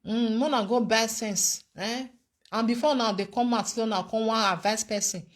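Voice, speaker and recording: A young adult woman with a Nigerian accent, giving animated, preachy advice to her viewers and often stopping to ask "eh?". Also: on the high side, moderate pace. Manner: animated and preachy, with frequent rhetorical "eh?". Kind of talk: casual commentary to viewers.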